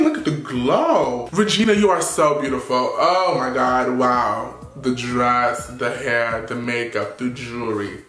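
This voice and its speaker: A man giving sassy, animated red carpet fashion commentary full of playful slang. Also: mid-range voice, moderate pace, echoey room.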